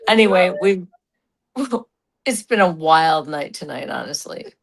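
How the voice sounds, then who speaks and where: A woman's voice: lowish voice, expressive, unhurried, vocal fry, low-quality recording. A middle-aged woman chatting casually over a video call, giggly and laughing often. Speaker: guest, host's mother. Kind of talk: casual chat. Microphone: video call from a vacation room.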